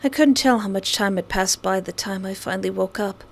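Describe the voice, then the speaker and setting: A woman's voice: medium pitch, fairly quick, creaky. Woman narrating a visual novel. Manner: animated, playfully sarcastic. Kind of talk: reading a visual novel aloud with jokey asides.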